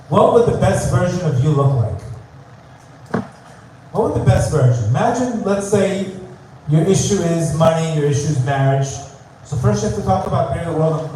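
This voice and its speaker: A man's voice: high voice, dark tone, a little hiss or hum. A man giving a live spiritual talk, emphatic and repetitive, often asking the audience questions. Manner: emphatic, repeats key phrases, asks the audience questions. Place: live venue in Tel Aviv. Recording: distant, very echoey live room.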